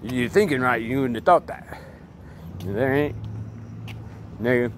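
A man's voice: medium pitch, a little slow. Profane rambling man, street noise. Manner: profane, emphatic, repetitive. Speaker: vlogger. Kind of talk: rambling off-the-cuff monologue. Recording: loud street and vehicle noise.

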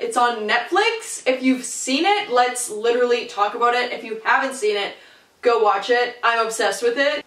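A young woman with a slightly high voice chats casually to her viewers from her room, full of "like" and "literally" and the odd swear word. She is recorded on the camera's built-in mic, so she sounds a bit distant in a roomy space. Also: a bit bright. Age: young adult. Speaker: vlogger. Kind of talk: casual chatty vlog. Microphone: camera mic, no external mic.

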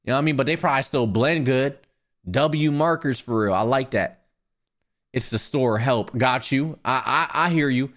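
A man streaming live, chatting casually with viewers and ranting in a profane, animated way. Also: mid-range voice, normal speed.

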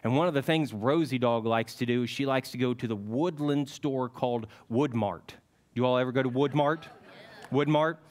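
A man leading a children's sermon in church, telling a folksy, animated story to the kids. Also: mid-range voice, normal speed. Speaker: children's message leader at church. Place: church sanctuary.

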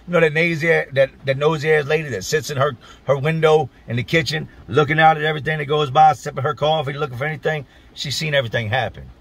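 A man's voice: mid-range voice, vocal fry, slightly rough. A man from Virginia telling a personal story on his vlog in a blunt, emphatic, profane way.

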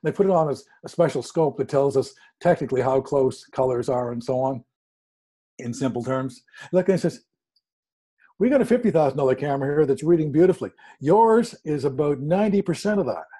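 A man telling a story in a casual, animated way, acting out quoted dialogue with sudden jumps in pitch. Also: fairly quick. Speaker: guest speaker.

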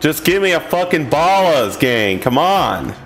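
A man giving profane, exasperated commentary over a video game, dropping from low grumbles to high shouts. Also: big pitch swings, measured pace, a little hiss or hum. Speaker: gameplay commentator.

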